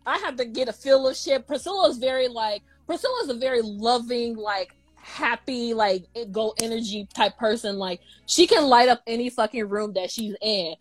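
A young woman co-hosting a chat show, loud and teasing with profane slang. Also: fairly high pitch, moderate pace, few pauses, no echo, faint music behind. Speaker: podcast co-host. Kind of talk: casual chat.

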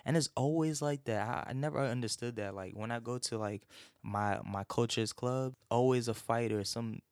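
A man's voice: medium pitch, normal speed, a little mellow, no room sound. A man hosting a show, ranting casually with heavy swearing and rambling restarts. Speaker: host. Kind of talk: casual profane rant.

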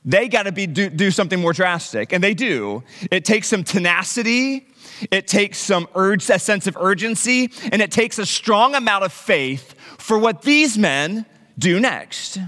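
A middle-aged man preaching a sermon as pastor, conversational and animated, with humorous asides to the congregation. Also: high-pitched, unhurried, long reverb tail.

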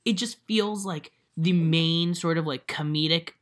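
A young woman co-hosts a podcast in loose, casual chat. Her voice sits low, and she tells stories with plenty of "like" and "um", jumping into other people's voices as she goes. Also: measured pace. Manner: animated storyteller, acts out quotes, many fillers. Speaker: podcast co-host.

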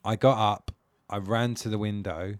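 Male podcast co-host, lowish voice, dry close sound, self-deprecating storyteller. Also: steady tone, moderate pace, no room sound. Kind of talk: casual chat, storytelling.

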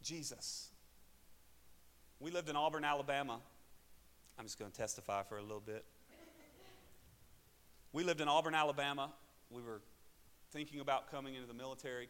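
A man with an Arkansas accent, a pastor telling a personal testimony in a sermon, moving between loud preaching and quiet asides. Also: mid-range voice. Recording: hall reverb.

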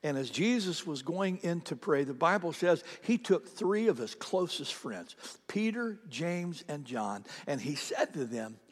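A middle-aged man preaching a sermon as pastor, swinging from loud, emphatic declarations to hushed near-whispers and repeating lines for emphasis. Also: a little high, big pitch swings, measured pace. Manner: repeats lines for emphasis, speaks directly to the congregation. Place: large church sanctuary. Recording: church hall with long reverb.

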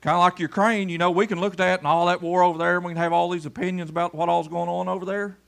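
A pastor preaching a folksy sermon in church, pulling people up front for a demonstration and swinging between loud calls and low murmurs. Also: male voice, little pitch movement, fast, creaky. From Kentucky.

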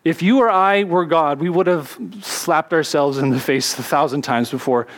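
A man, a pastor, preaching a sermon in an earnest way, slowing down to stress key words. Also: fairly high pitch.

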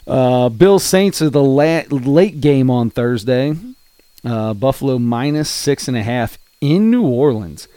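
A man's voice: medium pitch, measured pace, warm tone, clean tone, no room sound. A man co-hosting a casual sports betting podcast, rambling and getting out of breath as he talks. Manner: rambling, gets out of breath while talking. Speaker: podcast co-host.

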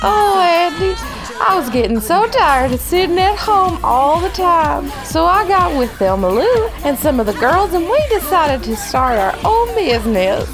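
A woman's voice: very high voice, big pitch swings, measured pace, music in the background, pitched above the performer's own voice, full character voice. A woman playing an elderly, motherly aunt who runs a brothel, in a comedy sketch, with a strained attempt at a Southern accent. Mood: sweet, chirpy.

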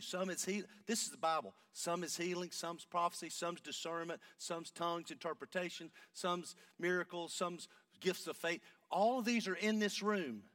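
A man, preaching a sermon and telling a story, going from hushed talk up to shouting. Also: a little high, no room sound, recorded from a distance.

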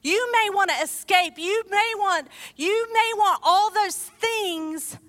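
A woman delivering a sermon with a high, bright voice. She preaches conversationally, telling the story with lively asides. The sound carries a long hall reverb. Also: slow pace.

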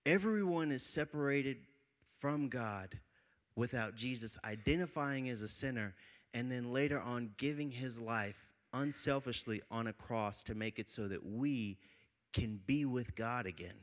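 A man's voice: mid-range voice, unhurried. A young man preaching to a college group, telling a funny personal story with laughs before moving into scripture. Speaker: pastor.

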